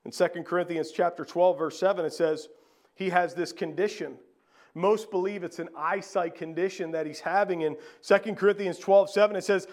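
Male preacher, very high-pitched; sermon delivery with scripture readings, loud-to-hushed swings. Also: fairly even intonation, brisk. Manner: rhetorical questions, swings from raised to hushed; reads scripture aloud, repeats phrases.

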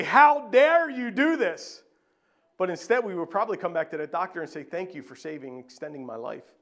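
Male preacher, very high-pitched; sermon delivery with scripture readings, loud-to-hushed swings. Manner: rhetorical questions, swings from raised to hushed; reads scripture aloud, repeats phrases.

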